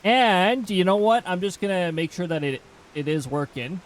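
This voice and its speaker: A man's voice: sits high, normal speed, a little hiss or hum, rough recording. A man streaming a game live, chatting casually and self-mockingly and reading chat messages aloud.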